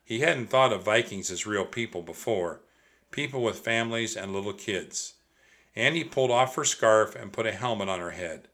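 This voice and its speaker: A man reading a children's book aloud, expressive and speaking straight to young listeners. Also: lowish voice, moderate pace. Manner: expressive, addresses kids directly. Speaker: storyteller.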